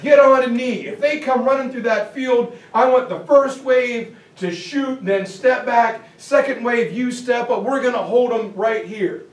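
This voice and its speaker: A man's voice: very high voice, unhurried, few pauses, roomy sound, recorded from a distance, voice pushed up, rough recording. A man playing a general barking orders. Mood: commanding.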